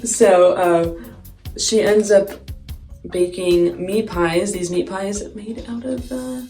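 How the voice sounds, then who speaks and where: A woman's voice: mid-range voice, fairly even intonation, takes it slowly, warm tone. A young woman telling a story in a casual, chatty way, full of "like" and giggles, while doing her makeup. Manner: chatty, many "like" fillers, giggling. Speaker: vlogger. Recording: echoey room, far mic, faint music.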